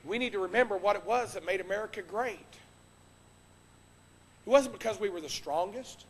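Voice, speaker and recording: A man preaching a sermon from the pulpit, impassioned, swinging between loud exhortation and hushed earnest tones. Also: high-pitched, normal speed, breathy edge. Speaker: pastor. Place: church sanctuary. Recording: long reverb of a church hall.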